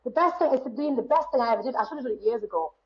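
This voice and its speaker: Northern lady late thirties, chatty, bit high voice, kinda dull audio. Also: very fast. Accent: northeast English. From northeast England. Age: 30s. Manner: chatty, animated, laughs often. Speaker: guest performer. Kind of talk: casual chat.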